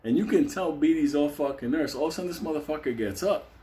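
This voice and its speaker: A man's voice: on the high side, quick pace, dark tone. A man telling a comic, profane story, laughing often and acting out the voices. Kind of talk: casual comedic storytelling.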